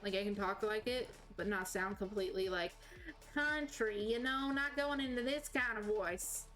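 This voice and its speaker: A woman's voice: medium pitch, moderate pace, a bit bright, soft background music, rough recording. A woman with a slight Southern US accent, chatting casually and rambling as a game streamer. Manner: rambling, self-correcting, chatty. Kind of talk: casual chat while playing.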